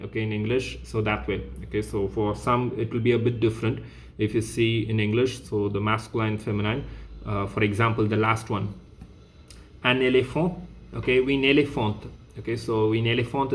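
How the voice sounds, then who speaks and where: A man teaching a French revision lesson, explaining patiently and repeating phrases with a steady "okay", slowing down to spell out French words. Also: mid-range voice, a little hiss or hum.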